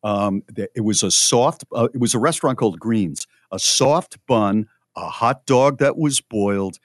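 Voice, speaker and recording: Middle-aged male radio co-host, low and animated, dry studio mic. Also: normal speed, no echo. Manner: lively, exclamatory, hesitant fillers. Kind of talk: casual radio chat.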